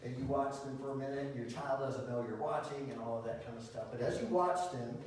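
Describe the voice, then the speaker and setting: A man's voice: mid-range voice, brisk. Man preaching in an echoey hall. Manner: conversational, animated preaching with many fillers and restarts. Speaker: pastor. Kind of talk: sermon. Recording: echoey hall, distant mic, faint noise.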